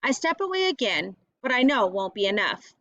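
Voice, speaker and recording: A woman's voice: fairly high pitch, sing-song, normal speed, bright, forceful tone, no room sound. A woman reading a first-person audiobook in a plain, earnest storytelling voice. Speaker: audiobook narrator. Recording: dull lo-fi audiobook recording.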